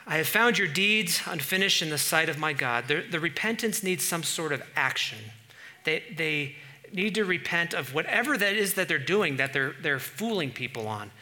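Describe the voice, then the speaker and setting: Bright-voiced male pastor preaching. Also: a little high, moderate pace. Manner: animated preaching, swings from quiet asides to loud bursts. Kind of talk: sermon.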